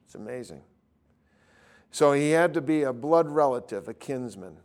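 A male preacher delivering a sermon, telling stories in an animated, emphatic way. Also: medium pitch, normal speed. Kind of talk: sermon with storytelling.

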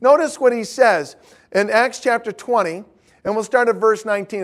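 A male pastor preaches with a notably high voice, his passion rising into urgent, near-shouted declarations before dropping into soft, joking asides. He is heard from a distance in a large hall. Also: normal speed. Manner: impassioned, swings from shouting to quiet joking. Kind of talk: sermon.

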